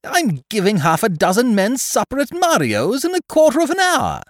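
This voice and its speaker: Brief: male reader doing an excitable young gent, high and swooping, in a dry storybook reading. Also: normal speed, no echo, exaggerated voice. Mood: flustered. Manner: bright, eager exclamations, flustered outbursts. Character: excitable young gentleman, flustered and jovial.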